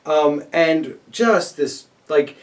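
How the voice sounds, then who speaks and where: A man's voice: on the high side, very slow, recorded from a distance. A man co-hosting a casual chat about tabletop miniatures, upbeat and prone to stumbling over names. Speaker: co-host. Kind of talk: casual chat reviewing crowdfunding campaigns.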